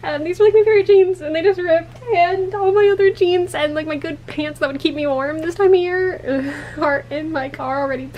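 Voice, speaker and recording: College-age woman vlogger, chatty and rambling, high voice. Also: brisk, few pauses, lo-fi sound, slight background noise. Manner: rambling, chatty, laughs when embarrassed. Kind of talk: casual vlog.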